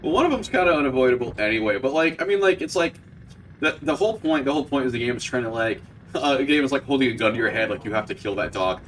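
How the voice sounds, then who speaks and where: A man's voice: mid-range voice, animated, quick pace, fairly bright tone, far from the mic, slight background noise, poor audio. A man in casual chat on a stream, laid-back and swearing casually as he makes dry jokes.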